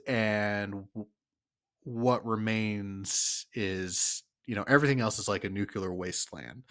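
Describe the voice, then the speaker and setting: A man co-hosting a casual podcast, his voice sitting a little low. He talks unhurriedly, trailing off into fillers and restarting his sentences as he goes. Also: fairly bright tone. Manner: rambling, many fillers and restarts. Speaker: podcast co-host. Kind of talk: casual movie discussion.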